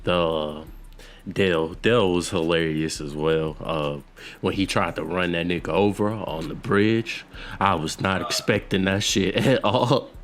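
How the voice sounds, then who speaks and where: A man's voice: deep voice, measured pace. A man co-hosting a casual movie review chat who laughs often and acts out lines from the film. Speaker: podcast co-host.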